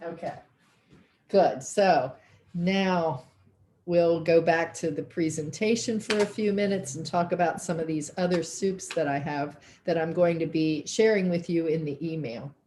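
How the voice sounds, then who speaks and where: A woman's voice: lowish voice, measured pace, mellow, a little hiss or hum. A woman teaching a cooking class over a video call, chatty and folksy, thinking aloud as she works. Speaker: cooking instructor.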